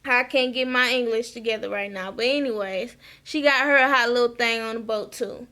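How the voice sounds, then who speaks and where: A woman's voice: fairly high pitch, moderate pace, pushed and bright. A woman giving a frank, chatty recap of a TV episode and often asking "okay?". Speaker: reality TV recap vlogger.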